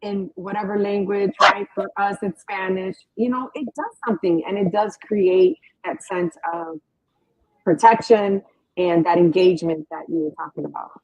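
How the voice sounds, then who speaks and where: A woman's voice: mid-range voice, moderate pace, gravelly, no echo. A woman hosting an interview, speaking casually and emphatically, often adding "right?". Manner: emphatic, uses rhetorical "right?". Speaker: host. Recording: dry tinny phone-like line.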